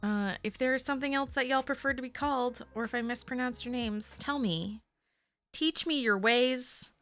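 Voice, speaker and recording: A woman's voice: fairly high pitch, fairly even intonation, fairly quick, fairly bright tone, faint music behind. A young woman hosting a casual livestream chat from her desk at home on a webcam. She is chatty and playful and coos to her cat. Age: young adult. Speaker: livestream host.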